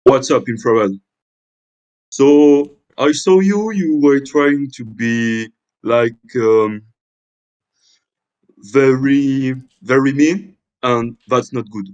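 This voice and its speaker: A man joining a stream as a guest, talking hesitantly with many pauses and restarts. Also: medium pitch, a little mellow, smooth, muffled recording.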